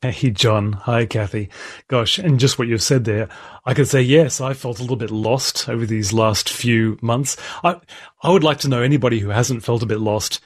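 A man's voice: mid-range voice, normal speed. Man telling stories as a talk guest. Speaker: writer and broadcaster guest. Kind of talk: conversational radio interview.

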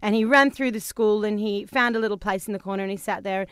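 A woman's voice: mid-range voice, fast talker, clear, resonant tone, no echo, clean studio sound. An Australian woman in her thirties, telling a story in casual chat as a podcast co-host. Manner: chatty storytelling, animated.

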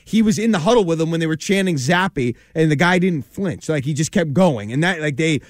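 A man talks sports on a podcast, making his case in an earnest, measured way. His voice sits a bit high for a man. The sound is dry and close-miked. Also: expressive, no room sound. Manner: earnest, measured, reasoning aloud. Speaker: podcast co-host. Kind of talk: casual sports talk.

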